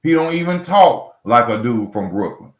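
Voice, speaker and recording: This man, a boxing commentary host, has a mid-range voice with lively intonation and speaks at a moderate pace in a heated solo rant. Blunt and mocking, he hammers each point twice and addresses the fighters head-on. The room echoes and the recording is a little muffled.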